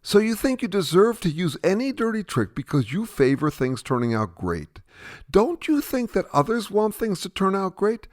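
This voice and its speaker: A man's voice: high voice, sing-song, normal speed. A man playing an earnest questioner in a satirical sketch dialogue, pressing with incredulous, patient questions. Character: earnest male questioner who can't keep up.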